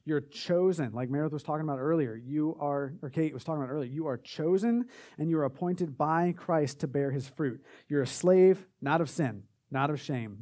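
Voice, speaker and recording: A man's voice: medium pitch, a little mellow. A young man giving an informal sermon to a group, earnest and conversational, with lots of filler words as he builds through a list of affirmations. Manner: earnest and conversational, with many "like" fillers, rising in intensity through lists.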